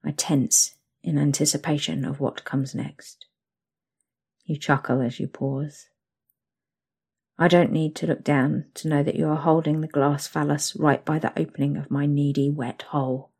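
A young woman narrating an intimate second-person story, soft and slow. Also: low-pitched, creaky, husky.

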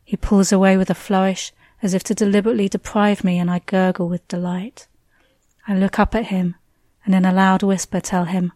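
Hushed woman reading intimately. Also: mid-range voice, level tone, fairly quick, dry recording. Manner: soft, hushed, drifting into breathy whispers. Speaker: narrator. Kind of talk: intimate first-person story reading.

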